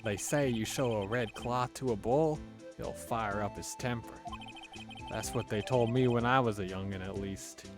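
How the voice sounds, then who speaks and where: A man's voice: fairly low pitch, normal speed, music in the background, close to an everyday voice. A man voicing a folksy, easygoing Texan cowboy detective with a put-on Southern drawl.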